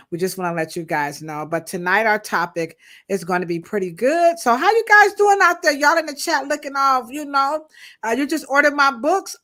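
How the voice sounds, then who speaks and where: A woman co-hosting a live stream with a bright, forward voice. She talks loosely and playfully to her viewers. Her speech is full of slang and laughter. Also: medium pitch. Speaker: co-host. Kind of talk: casual live-stream chat.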